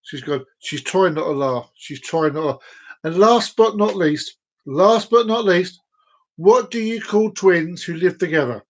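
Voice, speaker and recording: A man's voice: high voice, measured pace. A man hosting a casual live stream, rambling and telling groan-worthy jokes to viewers by name. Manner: chats directly to viewers by name.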